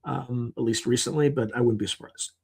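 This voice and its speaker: Gravelly, slightly rough, and brisk, a medium-pitched male voice belongs to a podcast guest in a conversational interview. He spins lively anecdotes, voicing the quotes of the people in them.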